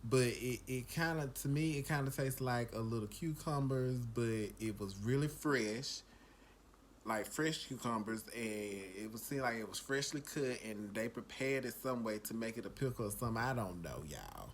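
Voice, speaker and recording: A drowsy, well-fed man speaks, drawling through a casual food review and repeating himself as he talks to his viewers. His pitch sits in an ordinary middle range, and a faint hum of noise stays underneath. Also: lively intonation, moderate pace. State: sleepy and full after eating. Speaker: food vlogger.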